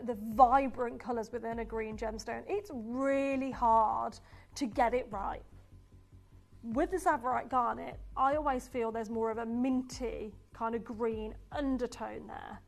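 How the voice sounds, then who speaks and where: A woman presenting on a shopping channel, pitching jewellery live with enthusiasm and reading out viewer messages.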